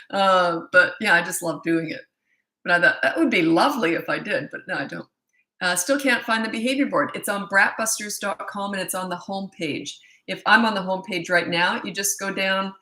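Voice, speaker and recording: A woman's voice: mid-range voice, normal speed, bright, forceful tone, echoey room. An older woman from Canada, a parenting coach chatting casually on a livestream, self-mocking and laughing often. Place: at home in British Columbia.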